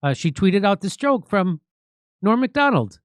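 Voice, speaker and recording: A man hosting a political commentary show, talking in a sarcastic, mocking, animated way. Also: sits high, measured pace, no echo, studio quality. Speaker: show host.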